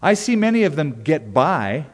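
A male pastor delivers a verse-by-verse sermon in a folksy, conversational manner, slipping in dry jokes. He drops his voice softly on the words he wants to stress. His slightly raised voice rings out with a long reverb, as in a large sanctuary. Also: a little high, sing-song, normal speed. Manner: conversational, folksy preaching with wry humor. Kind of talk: expository sermon.

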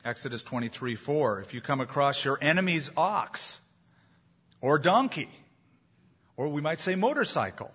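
A slightly high, husky male voice preaches with emphatic, animated delivery. He is a pastor in the middle of a sermon, and his points land with a touch of humor. The recording sounds dull and lo-fi. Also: moderate pace.

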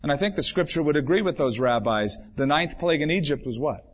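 A man preaching a sermon as pastor, building his voice up for emphasis and then dropping it low and quiet. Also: animated, fast. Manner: dramatic preaching, swells and drops for emphasis. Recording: dull lo-fi 1996 church recording.

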